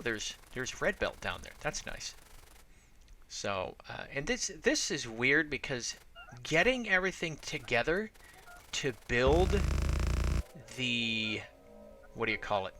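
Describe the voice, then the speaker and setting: Male let's play host, sharp bright tone, lively swinging pitch, rambling and self-mocking. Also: a little hiss or hum. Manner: rambling, self-deprecating, digressive. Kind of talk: casual gameplay commentary.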